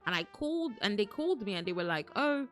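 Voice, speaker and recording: A young woman streaming from home, chatting casually with her viewers, excitable and rambling, often breaking into gasps and laughs. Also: mid-range voice, fast talker, faint music behind. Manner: rambling, restarts sentences. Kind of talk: casual live-stream chat.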